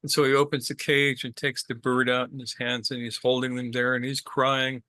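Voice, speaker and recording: A man's voice: medium pitch, flat delivery, moderate pace, bright, forceful tone, no echo. A man telling a traditional story to a group in a casual way, repeating words and stopping to ask questions.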